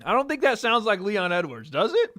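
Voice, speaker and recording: A livestream host runs a watch party, chatting loosely with viewers and swearing and laughing as he reacts to the fights. His voice is high-pitched and sing-song, bright and forceful, and he talks fairly quickly.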